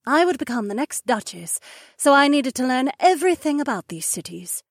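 A man voicing a breathy she-wolf duchess. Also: very high voice, very animated, moderate pace, dry recording, studio quality, pitched above the performer's own voice, exaggerated voice. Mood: reminiscing. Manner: gentle and reminiscing. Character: poised young she-wolf duchess, fond and gracious. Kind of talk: audiobook character voice.

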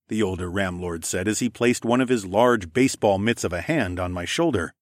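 A man's voice: low voice, normal speed, hardly any pauses, no room sound, clean studio sound. A man narrating a first-person audiobook story in a wry, conversational way.

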